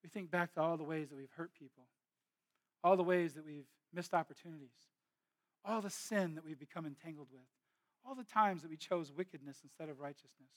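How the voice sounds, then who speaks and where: A man in his thirties preaching a sermon, moving between hushed, intimate storytelling and loud, impassioned exhortation. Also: fairly high pitch, a little fast. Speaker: pastor.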